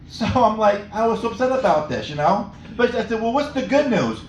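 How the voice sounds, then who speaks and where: A man's voice: high voice, big pitch swings, a little fast, hardly any pauses, a little hiss or hum. A middle-aged man doing a stand-up comedy set in a small cafe, rambling and laughing at his own jokes. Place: small cafe stage with live audience. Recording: echoey room, mic from far off.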